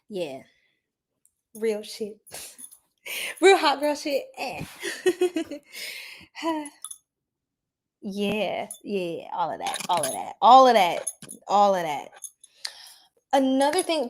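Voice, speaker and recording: A woman's voice: on the high side, very animated, takes it slowly, pauses often. A woman with a New York accent hosting a casual astrology livestream, sassy and playful, laughing often and repeating herself.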